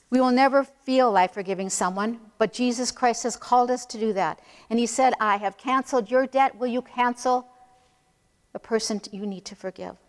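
A woman preaching a sermon in an earnest, emphatic way, slowing down to stress key phrases. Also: on the high side, big-room sound.

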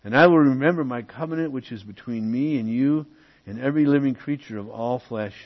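A man's voice: medium pitch, fairly quick. A man teaching a Bible lesson, reading verses aloud and stopping to explain them with asides. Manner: reads verses aloud, then comments with asides. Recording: muffled lo-fi recording.

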